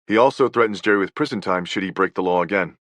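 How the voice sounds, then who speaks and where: A man reading nonfiction as an audiobook narrator, in a measured, even delivery. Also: low-pitched, no echo.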